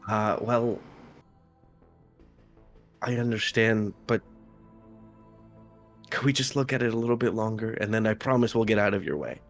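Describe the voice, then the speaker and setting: A man's voice: on the low side, moderate pace, pauses often, lightly acted. A man voicing a male vampire who puts on a polite, slightly strained human voice, with faint music behind.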